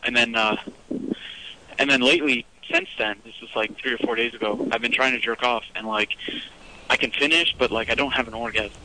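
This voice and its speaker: A man's voice: mid-range voice, pushed and bright, slight background noise, poor audio. Hesitant young male radio caller. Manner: hesitant, rambling, full of fillers. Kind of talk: phoned-in radio call.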